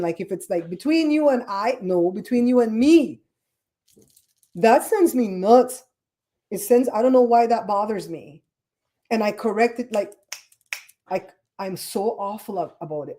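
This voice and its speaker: Caribbean-accented woman host, animated casual chat, warm mellow tone. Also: mid-range voice. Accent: Caribbean English. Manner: chatty, animated storyteller, fussy about grammar. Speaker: podcast host. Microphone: streaming setup microphone.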